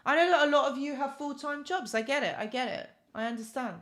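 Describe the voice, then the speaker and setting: A woman's voice: high-pitched, quick pace. A woman hosting a live stream, giving encouraging motivational talk and thanking viewers by reading their comments.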